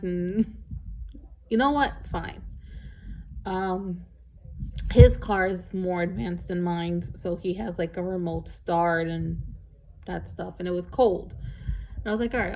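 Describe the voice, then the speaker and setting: A woman's voice: on the low side, fairly even intonation, unhurried, long pauses, mellow. A middle-aged woman recording a casual, rambling vlog, candid and a little emotional, with sighs and laughs along the way. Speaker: vlogger. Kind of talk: casual chat.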